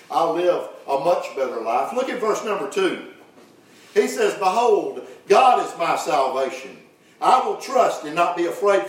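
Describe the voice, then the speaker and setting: A man preaching a sermon, folksy and lively, swinging from hushed to loud. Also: a little high. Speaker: pastor. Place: church sanctuary. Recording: very echoey, from far off.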